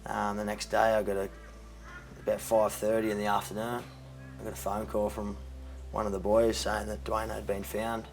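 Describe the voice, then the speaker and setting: A young Australian man telling a personal story in an interview, halting and often dropping quiet. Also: fairly low pitch, monotone, vocal fry, poor audio. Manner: halting, many restarts, drops to quiet when moved. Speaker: interviewee, charity co-founder.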